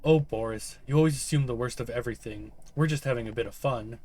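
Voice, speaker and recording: A man's voice: medium pitch, fast, a little mellow, close to an everyday voice. A man voicing a jovial but menacing older asylum doctor who talks in a smug, teasing way.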